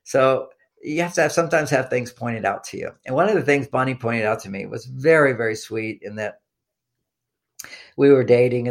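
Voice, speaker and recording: A man speaking as an interview guest in an animated, storytelling way. He has a mid-range voice and teaches through personal anecdotes, slipping into remembered conversations and voicing them. He often stumbles and repeats his opening words before a sentence gets going. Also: mid-range voice. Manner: animated storyteller who acts out quoted dialogue. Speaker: relationship author and podcast guest.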